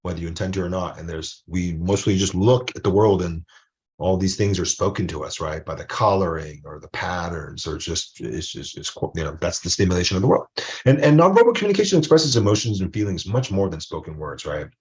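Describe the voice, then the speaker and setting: A man's voice: low voice, animated, brisk. A man lecturing as a college professor in a recorded video lecture. He speaks in a loose, conversational way and often checks in with tag questions.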